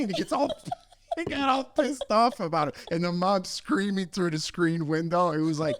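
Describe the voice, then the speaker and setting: A young man co-hosting a podcast, telling a story with lively acted-out voices and frequent laughs. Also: high voice, a little fast, no room sound, studio quality. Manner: animated storyteller, acts out voices, laughs often. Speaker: podcast co-host. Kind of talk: casual storytelling chat.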